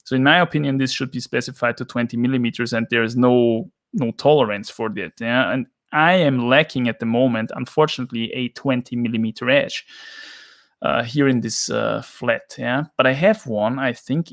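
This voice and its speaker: A man from Austria with an Austrian accent, chatting casually on a livestream from his flat, emphatic and ranting, often tagging lines with "yeah?". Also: mid-range voice, normal speed. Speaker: livestream host. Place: home flat.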